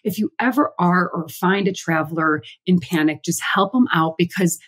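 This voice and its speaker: A woman co-hosting a podcast, telling a travel story in casual chat, animated and swearing casually. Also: on the low side, moderate pace, breathy edge. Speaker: podcast co-host.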